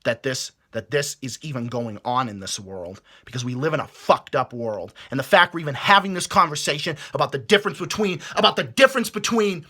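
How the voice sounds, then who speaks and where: A man's voice: fairly high pitch, brisk, few pauses, pushed and bright. A man delivering a heated, profane rant to camera, stumbling over his words as he restarts sentences. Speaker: vlogger. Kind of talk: angry rant.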